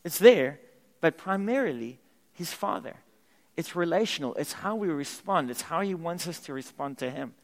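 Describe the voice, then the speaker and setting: Male pastor, emphatic sermon delivery, slightly high voice, long church-hall reverb. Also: moderate pace. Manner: animated, emphatic preaching with repetition. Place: church sanctuary.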